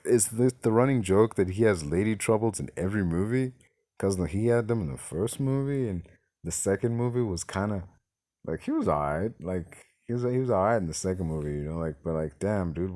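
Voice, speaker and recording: A man's voice: deep voice, warm tone. A man giving a casual, rambling film review, exasperated and swearing freely.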